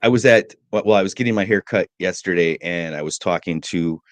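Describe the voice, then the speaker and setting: Deep-voiced joking man on a morning show. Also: fairly quick, no room sound. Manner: rambling, joking storyteller. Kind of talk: casual chat.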